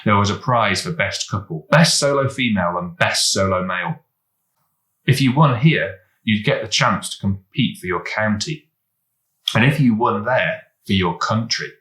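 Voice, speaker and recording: Reading a kids' storybook at a moderate pace, this man stays animated and expressive throughout. He has a deep but bright, punchy voice, and it rings out in a spacious, reverberant room.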